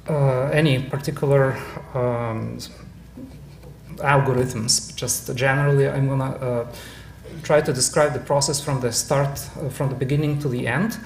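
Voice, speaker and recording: Halting man giving a club talk. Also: medium pitch, a little mellow, slight background noise. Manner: halting, many fillers and restarts. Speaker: club presenter. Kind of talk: casual club presentation. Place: club meeting room.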